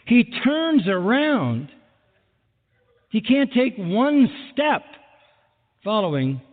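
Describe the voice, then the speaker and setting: A man preaching a sermon with lively delivery who acts out the people he quotes, recorded in a large hall. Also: sits high, drawn-out words. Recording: phone-like sound with long hall reverb.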